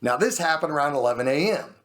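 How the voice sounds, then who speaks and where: A man hosting a show, telling a true personal story in a lively way and acting out the voices of the people in it. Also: a little high, quick pace. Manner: animated, acts out the people in his story. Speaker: host. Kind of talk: storytelling monologue.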